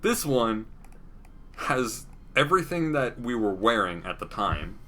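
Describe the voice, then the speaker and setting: A man's voice: medium pitch, sing-song, a little slow, pushed and bright. A young man giving casual, joking game commentary as a streamer, laughing often. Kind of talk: casual let's-play commentary.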